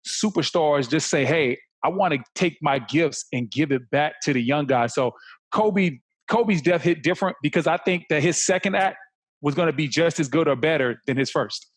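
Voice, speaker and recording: A man co-hosts a podcast in casual chat and argues his point with force. His voice sits high for a man. He pushes to hold the floor. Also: animated, normal speed. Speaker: podcast co-host.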